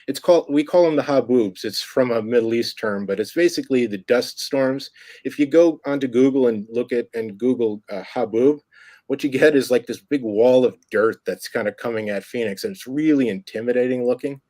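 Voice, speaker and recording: A man from Staten Island with a faint New York accent, a filmmaker guest chatting in a relaxed way on an interview show. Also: mid-range voice, fairly quick, no room sound. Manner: relaxed and chatty, with many fillers. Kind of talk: casual interview chat.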